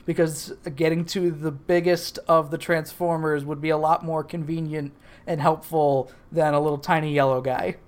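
A woman voicing an exasperated male robot leader who pleads loudly, in a casual podcast retelling. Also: low voice, fairly even intonation, moderate pace, natural voice.

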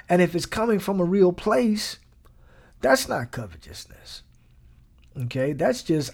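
A man's voice: sits high, sing-song, measured pace, vocal fry, pauses often. A man delivering a conversational sermon, casual and emphatic, repeating lines for effect and mixing in slang. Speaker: preacher.

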